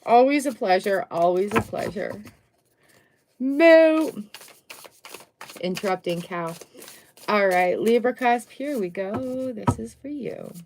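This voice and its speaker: A woman's voice: mid-range voice, a little slow, darkish tone, slight background noise. A middle-aged woman doing a casual, chatty tarot reading on a live stream, full of upbeat exclamations. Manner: chatty, upbeat, exclamations and little sung bits.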